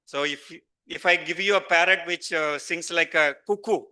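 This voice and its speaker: A man's voice: on the high side, normal speed, sharp tone, clean tone. A middle-aged man with an Indian English accent giving a conversational conference lecture, putting questions straight to his audience.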